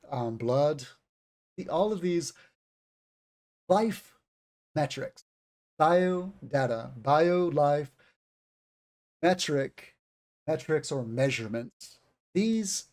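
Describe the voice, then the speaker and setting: A slightly high, somewhat mellow male voice belongs to an English teacher conducting a relaxed interview for learners. He explains terms to his audience and thinks aloud while talking with his guest.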